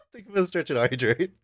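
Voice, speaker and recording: A man's voice: medium pitch, dry recording. Rambling profane young man. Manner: rambling, profane, laughing often. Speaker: streamer. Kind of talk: casual livestream chat.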